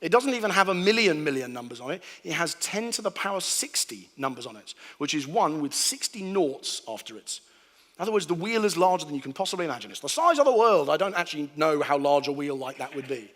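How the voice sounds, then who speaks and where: A lively man preaching to a crowd in a large hall, his fairly high voice trailing off into long reverb. He tells his points as stories, acting out sounds and little voices with comic timing. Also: fast talker. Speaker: preacher giving a talk. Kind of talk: humorous sermon to a live audience. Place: large hall before an audience.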